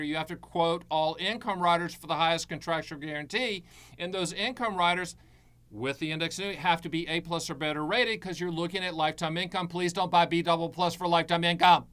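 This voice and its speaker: A man with a voice on the high side hosts a live stream about annuities. His advice is blunt, sarcastic and animated, full of jokes.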